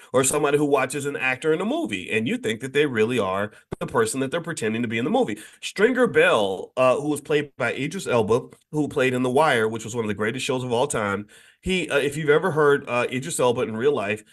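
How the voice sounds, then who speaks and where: A man hosting a daily morning show, talking in an emphatic, animated monologue full of restarts and repeated words. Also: medium pitch. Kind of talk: casual monologue commentary.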